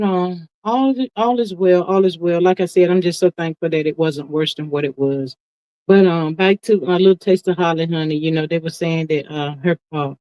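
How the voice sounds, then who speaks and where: A lowish, slightly mellow voice belongs to a middle-aged woman hosting a live stream, where she reads viewer comments and calls everyone honey and child in a folksy, casual chat. Chatty and emphatic, she wanders into drawn-out asides. The recording is dry, slightly muffled, and lo-fi.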